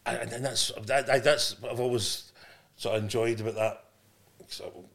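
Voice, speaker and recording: Glaswegian host bantering. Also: male voice, medium pitch, fairly even intonation, normal speed, creaky. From Glasgow. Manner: banter, lots of aye and laughing asides. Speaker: podcast host. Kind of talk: casual chat.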